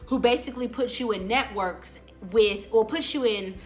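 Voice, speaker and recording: Soft music plays behind a woman in her late twenties whose fairly high voice moves at a normal speed. As host of a casual motivational vlog, she talks chattily and candidly to camera, addressing viewers as "y'all."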